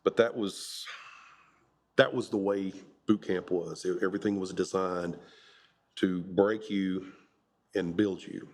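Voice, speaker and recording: A middle-aged man from Kentucky recounts his Marine days in an oral history interview. He has a fairly low voice and tells his anecdotes in a relaxed, chuckling way. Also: takes it slowly, long pauses, slight background noise. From Kentucky, USA.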